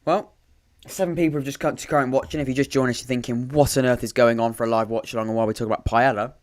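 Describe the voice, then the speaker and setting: A man's voice: medium pitch, fairly even intonation, fast. A man hosting a live football watchalong, chatting casually with dry, sarcastic asides and frequent restarts. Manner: rambling, self-interrupting, dry sarcastic asides. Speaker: podcast host commentating a live watchalong. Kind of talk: casual live match commentary and chat.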